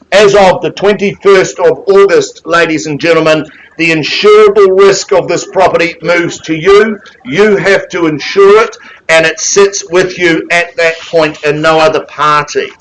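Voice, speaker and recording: A man calling a live property auction, with brisk, theatrical patter and rapid bid calls. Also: high voice, a bit bright, a little hiss or hum, poor audio.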